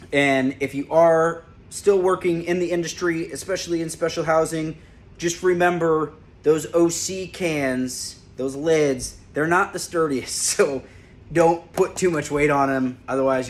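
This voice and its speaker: A former corrections officer, a man, casually telling a lighthearted story and laughing as he recalls it. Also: mid-range voice. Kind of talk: casual personal storytelling to camera.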